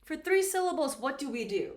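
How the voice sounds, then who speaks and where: A woman teaching English grammar, explaining slowly and patiently and asking learners questions as she goes. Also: sits high, sing-song. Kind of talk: slow, clear classroom explanation. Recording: echoey room with faint noise.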